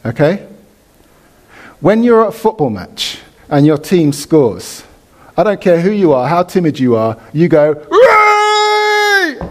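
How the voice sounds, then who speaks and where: Man, preacher, sermon in church, animated, call and response, slightly high voice. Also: a little slow.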